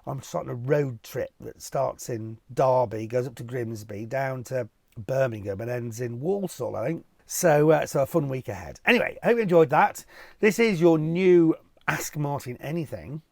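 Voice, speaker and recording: Gravelly cheerful middle-aged man. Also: medium pitch, expressive, normal speed, a little mellow, no echo. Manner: cheerful and jokey, reads out questions then answers chattily. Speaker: TV property presenter answering viewer questions. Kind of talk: casual Q&A video.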